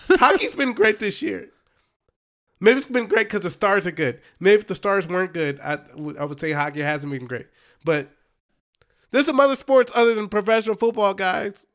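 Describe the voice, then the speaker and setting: A young man with a notably high voice for a man co-hosts a casual sports podcast. He talks in an animated, exasperated, ranting way. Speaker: podcast co-host.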